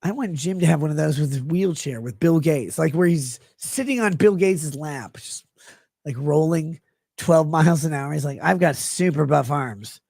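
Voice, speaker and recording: A man in his thirties, a live streamer on a rambling, crude comedic rant that swings between mumbling and shouting. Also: fairly high pitch, moderate pace, gravelly, dry recording, clean studio sound.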